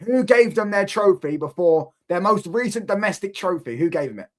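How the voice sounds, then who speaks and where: A man's voice: high-pitched, expressive, fairly quick. A young man arguing football in heated, teasing banter as a fan debater.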